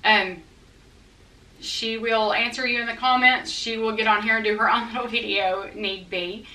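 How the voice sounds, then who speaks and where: A woman's voice: on the high side, fairly even intonation, normal speed, pushed and bright. A middle-aged woman, speaking bluntly and defensively to camera about viewer comments, in a folksy way. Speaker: vlogger addressing viewer comments. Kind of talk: candid talk to camera. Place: her house, indoors. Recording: roomy echo, a bit distant from mic.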